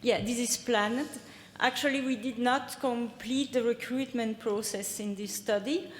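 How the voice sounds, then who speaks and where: A woman's voice: a little high, steady tone, unhurried, a little hiss or hum. Woman presenting in a reverberant hall. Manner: hesitant, many fillers and restarts. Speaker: conference speaker. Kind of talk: academic presentation and Q&A answers. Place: conference hall.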